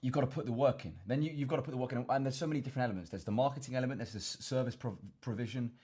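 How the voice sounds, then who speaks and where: A man's voice: medium pitch, rapid-fire, warm tone, husky. A young man with an English accent, hosting a casual fitness Q and A and rambling with lots of repeated words. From England. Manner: rambling, repeats words, addresses viewers as chaps. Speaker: fitness coach and vlogger. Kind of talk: casual Q and A to camera.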